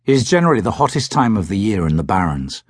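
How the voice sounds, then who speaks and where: A man reading a first-person audiobook in a measured, expressive way, close to the mic. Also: on the low side, dry recording. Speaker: audiobook narrator.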